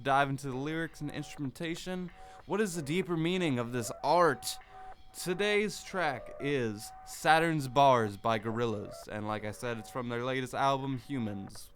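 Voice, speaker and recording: A man's voice: mid-range voice, a bit bright. A young man chatting casually in a vlog about a favorite song, rambling with lots of "like" and some swearing. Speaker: vlogger.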